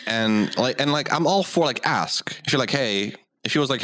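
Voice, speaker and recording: A man's voice: medium pitch, lively intonation, normal speed, sharp tone, no room sound, studio quality. A young man co-hosting a casual podcast, giving opinions with stammering restarts. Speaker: podcast co-host. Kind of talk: casual chat.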